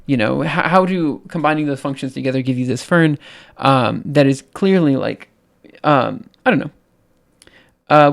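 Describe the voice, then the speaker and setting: A young man hosting a live stream, his voice light and somewhat androgynous, sitting a bit higher than most men's. He talks in a loose, rambling way, full of ums and restarts, and laughs easily. His voice has a noticeable gravelly fry. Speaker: livestream host. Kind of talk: casual live-stream chat.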